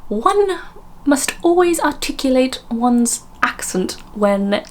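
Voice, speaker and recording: A woman's voice: high voice, very animated, slight background noise, voice pushed up, exaggerated voice. A woman putting on a drawling, bored posh Englishwoman. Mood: haughty. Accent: exaggerated upper-class English. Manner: slow, drawling and languid.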